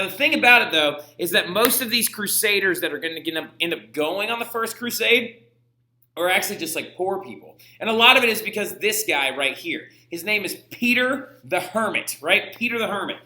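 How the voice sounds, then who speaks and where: A male teacher with a high-sitting, sharp voice gives a casual, slangy history lesson, peppering it with "right?" and "like." He acts out the people he's discussing for laughs, and the sound is reverberant.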